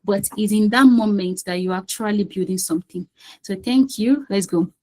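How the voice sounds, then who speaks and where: A woman's voice: mid-range voice, normal speed, a little mellow, poor audio. Woman, quiz host, chatty, coaxing, repeats herself, video call audio. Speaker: quiz host and session facilitator. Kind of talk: casual online quiz session.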